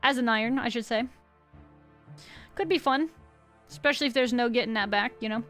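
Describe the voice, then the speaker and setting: High-voiced chatty woman streamer. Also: a little fast, fairly bright tone, faint music behind. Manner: chatty, rambling, reads chat aloud and answers. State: sick voice. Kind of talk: casual game-stream chat.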